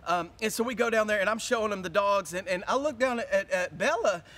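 High-voiced animated preacher man. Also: quick pace. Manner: animated storytelling preacher, acting out his own panic. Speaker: pastor. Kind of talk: sermon.

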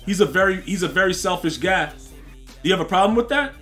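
Talking fast and animated, this streamer trash-talks the players in a football game and banters with chat in thick slang. His high voice sounds pushed and bright, with faint music in the background.

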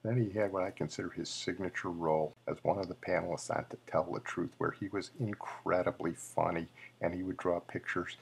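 Gravelly, husky-voiced male podcast host. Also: low-pitched, steady tone, a little fast, hardly any pauses. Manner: opinionated, conversational. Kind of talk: memorial podcast commentary.

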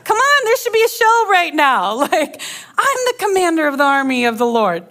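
A woman's voice: on the high side, animated, unhurried, a bit bright. A woman preacher voicing a proud army commander who whines and boasts. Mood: vain. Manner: whiny and boastful.

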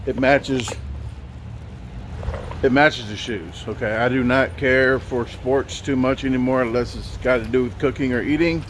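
A talkative Midwestern American man rambles to his viewers from behind the wheel, dropping plenty of "uh"s and "folks." His voice sits at an ordinary middle pitch. Steady road and engine noise runs underneath. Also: measured pace. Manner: chatty, folksy, lots of filler words. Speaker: vlogger. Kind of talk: casual rambling vlog. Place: in a car on the road.

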